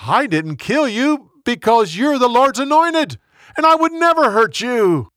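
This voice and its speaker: A man's voice: extremely high pitch, sing-song, unhurried, a bit bright, no echo, studio quality, pitched above the performer's own voice, full character voice. A man voicing a young male hero who pleads earnestly with a king in a storybook tale. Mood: pleading. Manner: earnest, raised and urgent.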